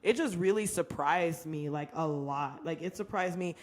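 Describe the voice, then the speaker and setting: High-pitched man, blunt, swears a lot, casual podcast co-host. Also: normal speed. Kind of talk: casual chat.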